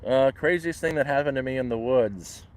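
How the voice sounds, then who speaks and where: A man's voice: medium pitch, normal speed, a little mellow. A Canadian man livestreaming casually from the woods, rambling and acting out the voices in his stories. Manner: rambling, restarts often, acts out voices in quotes. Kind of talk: casual live storytelling. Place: outdoors in the woods.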